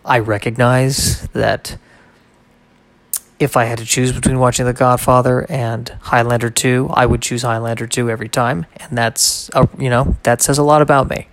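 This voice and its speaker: A man with a gravelly, creaky voice talks through a solo podcast at a middle pitch. He reads aloud, then wanders off into wry, rambling asides. The sound is dry and close, with no room around it. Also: little pitch movement, moderate pace, no room sound. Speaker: podcast host. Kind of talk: solo casual podcast monologue.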